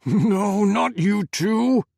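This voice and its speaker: A man voicing a desperate man shouting over a phone line, his voice breaking with panic. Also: high voice, very slow, gravelly, no room sound, studio quality, pitched above the performer's own voice, full character voice. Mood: frantic.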